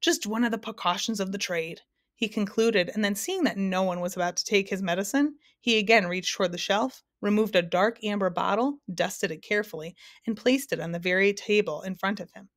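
A woman narrating a storybook with a steady, expressive reading. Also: mid-range voice, a little fast, no room sound, studio quality.

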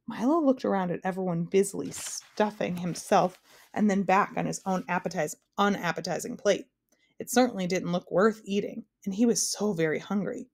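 A woman's voice: on the low side, normal speed, creaky. Woman reading a storybook aloud. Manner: steady storytelling delivery. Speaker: narrator.

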